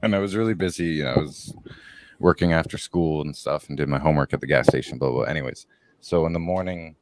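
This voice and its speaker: A man's voice: a bass voice, fast talker, a little hiss or hum. A man co-hosting a casual chat, teasing and telling jokey stories, running on little sleep. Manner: joking, teasing storyteller. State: sleep-deprived. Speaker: co-host.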